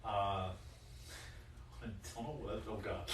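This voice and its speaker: A man's voice: fairly low pitch, slow, long pauses, very noisy. A man narrating a tabletop game as game master, casual and rambling with many fillers. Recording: roomy echo from a distant mic.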